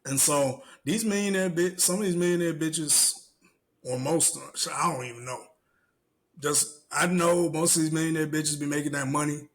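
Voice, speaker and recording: A man co-hosting a casual podcast, telling animated stories, acting out the people he quotes and swearing freely. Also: on the high side, normal speed. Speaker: podcast co-host. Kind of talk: casual chat.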